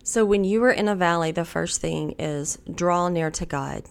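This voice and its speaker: Woman, 40s, faith podcast host, earnest and chatty, low smooth voice. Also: normal speed. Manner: earnest, conversational, encouraging.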